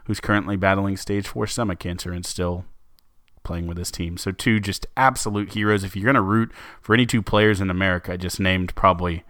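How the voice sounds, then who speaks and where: A man's voice: low-pitched, steady tone, brisk, a bit bright, dry recording, clean studio sound. A man co-hosting a sports podcast, chatting casually with lots of fillers and restarts. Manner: chatty, many fillers and restarts, laughs easily. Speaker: podcast co-host.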